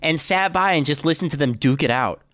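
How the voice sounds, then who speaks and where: A man's voice: fairly high pitch, brisk, dry recording, clean studio sound. A young man co-hosting a podcast, ranting and joking in casual chat. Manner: animated, ranting, jokey. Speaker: podcast co-host.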